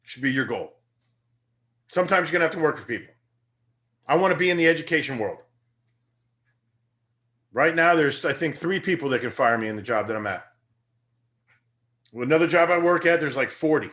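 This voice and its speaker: A young man, a teacher, giving a conversational and energetic motivational lecture that rises into emphatic bursts. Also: a little high, brisk, pauses often.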